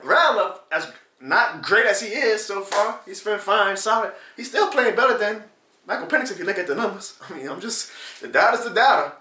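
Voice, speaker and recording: A man's voice: high voice, bright, forceful tone, echoey room, far from the mic, slight background noise. A man hosting a sports reaction channel, venting in a casual, exasperated and sarcastic rant. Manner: exasperated, sarcastic, mocks rival fans in put-on voices.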